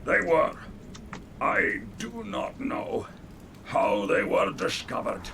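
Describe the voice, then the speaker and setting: A man doing a gravelly wounded old dwarf. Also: on the high side, very animated, background noise, voice pushed up, full character voice. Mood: grave, weary. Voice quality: gravelly, slow and faltering. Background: game music.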